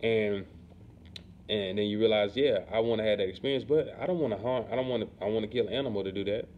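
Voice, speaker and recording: A man chatting casually to camera in a relaxed, rambling way, often asking "you know what I'm saying". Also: lowish voice, fast. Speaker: vlogger. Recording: dull lo-fi sound with faint background noise.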